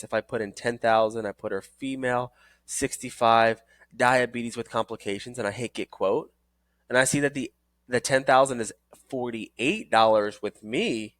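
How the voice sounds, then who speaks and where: A man teaching a sales course with energetic coaching. He repeats phrases for emphasis and acts out sales calls in several voices. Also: medium pitch, no echo. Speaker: sales trainer. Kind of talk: recorded training course.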